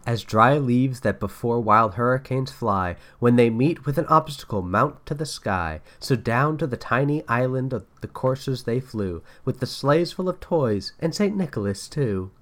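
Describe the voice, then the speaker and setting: A man reading a fan story aloud in an expressive lilting rhythm. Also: mid-range voice, moderate pace, hardly any pauses. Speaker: reader.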